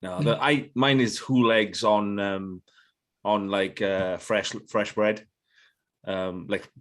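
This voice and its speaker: A man's voice: lowish voice, steady tone, slow pace. A man hosting a podcast, chatty and laughing often, steering to listener questions. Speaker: podcast host. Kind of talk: casual podcast chat.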